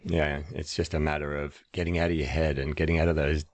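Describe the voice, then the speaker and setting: A man, co-hosting a podcast and telling workplace anecdotes in a casual, animated way, acting out quotes as he goes. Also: a bass voice, fairly quick. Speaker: podcast co-host, leadership trainer. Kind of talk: casual storytelling chat.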